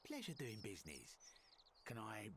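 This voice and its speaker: An actor playing a shrewd, wry male merchant in an ancient Roman city, speaking in video game dialogue with a smooth, bargaining manner. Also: fairly low pitch, wildly swooping pitch, normal speed, noisy background, full character voice.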